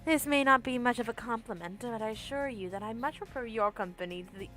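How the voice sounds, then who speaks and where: A woman gives voice to an ancient female spirit trapped in a crystal, formal and old-fashioned in her speech. The voice is bright and sits fairly high. Faint game music plays underneath. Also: fast, lightly acted. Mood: solemn. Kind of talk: reading game dialogue aloud.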